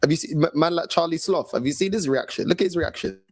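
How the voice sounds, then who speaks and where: A man's voice: a little high, fast, over a noisy crowd. A man with a London accent in laid-back, teasing football banter as a fan channel co-host.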